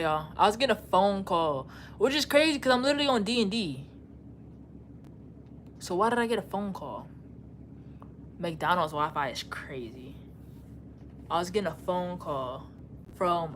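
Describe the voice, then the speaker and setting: A woman's voice: on the low side, slight background noise. A young woman from Louisiana with a Louisiana accent, casually chatting on a livestream in a slangy, frank, rambling way. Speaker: livestream host. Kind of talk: casual livestream chat reading comments.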